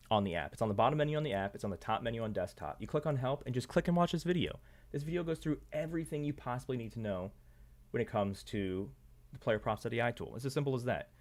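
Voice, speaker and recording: A man hosting a sports betting live stream in casual chat, loose and promotional with lots of fillers, his voice getting worn. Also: mid-range voice. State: losing his voice.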